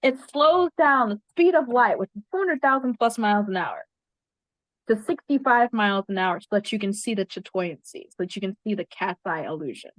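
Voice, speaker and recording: A woman's voice: medium pitch, lively intonation, a little fast, dry recording. A woman guest in an interview, earnestly recounting a spiritual experience and repeating phrases for emphasis. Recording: dry, slightly muffled sound.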